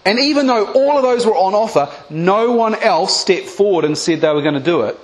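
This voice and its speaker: A man preaching a sermon, retelling a Bible story with lively acted-out voices and direct appeals to the congregation. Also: sits high, brisk. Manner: animated storytelling, acting out biblical voices.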